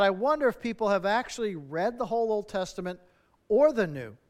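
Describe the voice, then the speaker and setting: Smooth high-voiced preacher. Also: male voice. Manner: earnest, rhetorical questions, drops soft at phrase ends. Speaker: pastor. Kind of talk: sermon.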